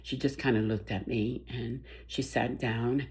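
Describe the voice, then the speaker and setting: An older mother tells a personal story of grief. Her voice is soft and emotional, and she often stops and restarts her sentences. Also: a bass voice, fairly even intonation, unhurried. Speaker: bereaved mother.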